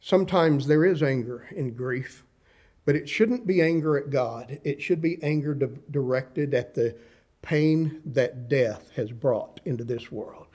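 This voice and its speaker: This sixty-something preacher has a medium-pitched, slightly mellow voice. His sermon unfolds slowly and fervently, punctuated by dramatic pauses, with scripture read in old-fashioned phrasing.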